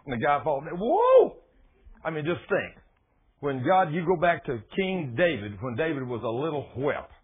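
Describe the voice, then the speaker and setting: A man preaching a sermon in a folksy, animated storytelling manner. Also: a little high, normal speed. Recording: tinny phone-like radio broadcast.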